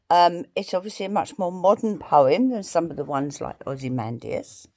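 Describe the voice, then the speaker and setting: A woman's voice: on the low side, lively intonation, darkish tone, no echo, clean studio sound. A woman in her fifties, an English teacher, giving a recorded homework lesson and explaining things patiently, step by step. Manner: reads the poem slowly and deliberately.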